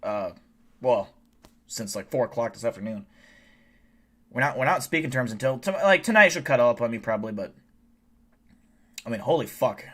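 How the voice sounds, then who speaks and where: A man hosts his livestream, tired and a little drunk. His speech wanders and trips over restarts, with swearing dropped in casually. His voice sits at an ordinary mid-range pitch for a man. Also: lively intonation, normal speed, long pauses, a bit bright. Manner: rambling and profane, with frequent restarts. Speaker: livestream host. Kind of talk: casual rambling livestream chat.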